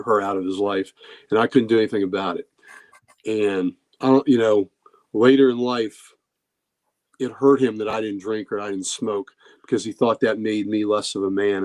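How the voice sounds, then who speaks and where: A man hosting a podcast, talking candidly and emotionally in casual comic-book commentary, with halting pauses. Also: lowish voice. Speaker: podcast host.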